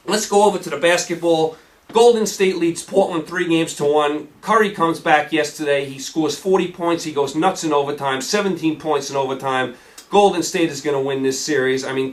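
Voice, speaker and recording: A man's voice: fairly high pitch, fairly bright tone, recorded from a distance. A man hosting a solo sports talk show, ranting in an exasperated way and firing off rhetorical questions.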